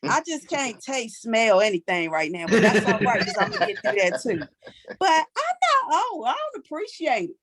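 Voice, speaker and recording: A woman in her forties with a Washington, D.C. accent performs stand-up, sassy and animated, tagging lines with "okay?". Her voice is medium-pitched, and she talks a little fast with few pauses.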